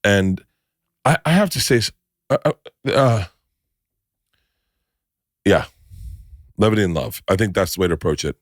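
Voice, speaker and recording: A man's voice: lowish voice, sing-song, moderate pace, long pauses, dry recording, studio quality. A middle-aged man co-hosting a casual podcast with his wife, rambling and repeating himself, swearing now and then. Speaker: co-host, husband.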